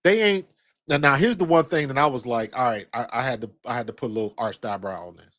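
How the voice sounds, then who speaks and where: Fast-talking in a mid-range, slightly bright voice, an Ohio-raised man in his fifties rambles through casual basketball commentary and stories from his own life. He's blunt, uses slang and swears at times.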